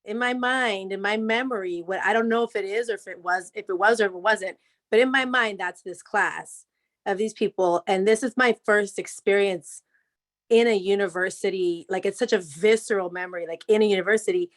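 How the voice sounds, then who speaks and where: A woman on a video call sharing a memory in a reflective, halting way, full of fillers and restarts. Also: medium pitch. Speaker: guest speaker, former actor in the play.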